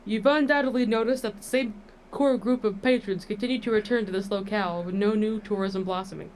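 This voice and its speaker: A woman's voice: medium pitch, steady tone, a little fast, a little mellow, slight background noise, lightly acted, rough recording. A woman voicing a pompous male vampire count who speaks in stiff, flowery phrases. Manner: stiff, flowery, overly formal.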